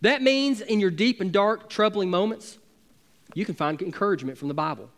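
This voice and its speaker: A pastor delivers a sermon in a notably high voice. He preaches emphatically, pressing his points with building force. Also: a little fast, a bit bright. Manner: emphatic preaching with rising intensity.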